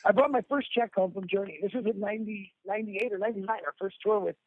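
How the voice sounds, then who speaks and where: A man in his forties from Oregon, a rock drummer chatting as a guest in an animated, slangy way, laughing often. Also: high voice, fast, no echo. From Oregon, USA. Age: 40s. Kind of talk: casual interview chat. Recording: tinny phone line.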